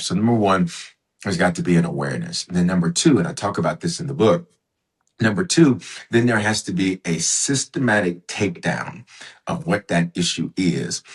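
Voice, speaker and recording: A man, a bishop and author, talking as a podcast guest with a preacher's cadence, emphatic and repeating his phrases. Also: low-pitched. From United States. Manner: emphatic, repeats phrases, acts out inner voices. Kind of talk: conversational interview with preacher's cadence.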